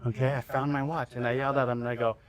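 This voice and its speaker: A man speaking to a live group, telling a personal story in a loose, conversational way. He stops and restarts often, and at the start he leads everyone in slow breaths. The sound is dry, with his voice at a middling pitch. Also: little pitch movement, dry recording. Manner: casual, conversational, with frequent fillers and restarts. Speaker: speaker at a wellness event.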